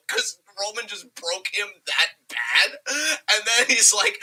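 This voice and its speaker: A young man co-hosting a wrestling podcast, talking casually and profanely and slipping into quick impressions of wrestlers. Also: sits high, bright, forceful tone, low-quality recording. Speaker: podcast co-host.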